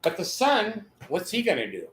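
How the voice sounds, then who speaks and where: A man's voice: high-pitched, wildly swooping pitch, moderate pace, fairly bright tone, a little hiss or hum. An older man talking in a rambling monologue, laughing mid-sentence and acting out the voices of people in his stories. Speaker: channel host giving advice. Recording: echoey room.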